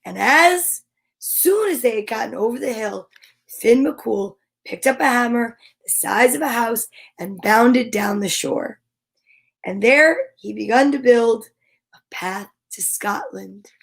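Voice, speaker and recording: A woman's voice: fairly high pitch, slow, vocal fry, breathy edge. A woman hosting a children's storytime, reading a storybook aloud playfully and animatedly, with chatty asides. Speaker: storytime host.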